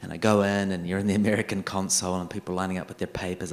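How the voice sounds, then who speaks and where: A filmmaker on a festival panel, telling a long story and acting out the other people in it. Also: male voice, deep voice, very fast. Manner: animated, acts out the other people in his story.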